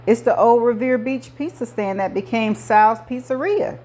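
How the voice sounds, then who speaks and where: A woman's voice: fairly high pitch, normal speed, dark tone, pitched above the performer's own voice, lightly acted. A woman reading an audiobook, voicing an older male mob boss who talks like a movie gangster, menacing and jovial. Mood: boastful. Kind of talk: audiobook character voice.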